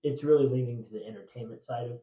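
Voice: mid-range voice, quick pace, dark tone. A trivia podcast host from Indiana, chatting casually and telling rambling, laughing stories. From Indiana, USA. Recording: dull, roomy, distant mic.

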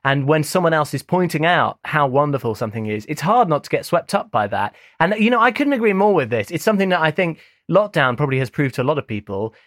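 A man co-hosting a casual podcast, talking in an animated, enthusiastic way. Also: on the high side, no room sound, studio quality. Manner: animated, enthusiastic, laughs often. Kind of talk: casual chat.

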